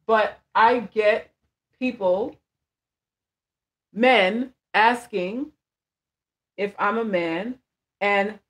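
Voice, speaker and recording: A woman's voice: medium pitch, very slow, long pauses. A woman vlogger chatting casually on a livestream, blunt and emphatic, repeating phrases for emphasis and answering viewer comments. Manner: reads viewer comments aloud and answers them. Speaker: vlogger and life coach.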